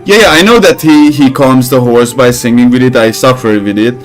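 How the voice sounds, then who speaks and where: A man's voice: medium pitch, fairly quick, faint music behind. Rambling, profane gaming commentator man. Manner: rambling, profane, gets animated telling stories. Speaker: gaming channel host. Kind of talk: casual gameplay commentary.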